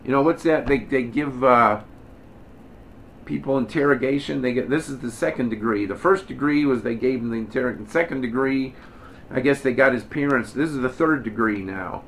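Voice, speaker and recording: A man's voice: mid-range voice, normal speed, slight background noise. A man leading an informal Bible study, talking bluntly and folksy, mockingly acting out the Pharisees.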